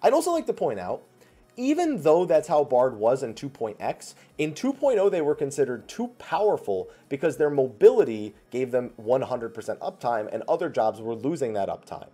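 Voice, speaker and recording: A man's voice: medium pitch, very animated, normal speed, warm tone, slightly rough. A man from New Jersey hosting a weekly Q&A, chatting casually as he answers viewer questions. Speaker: host. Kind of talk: casual Q&A chat.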